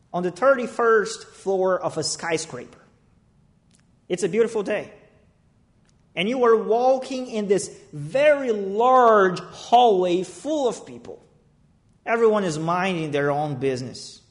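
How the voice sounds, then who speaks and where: High-voiced, slow preacher in a hall. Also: male voice. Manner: emphatic, dramatic rises when telling a story. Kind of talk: sermon with scripture reading, prayer and storytelling. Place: church gathering. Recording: long reverb of a large hall.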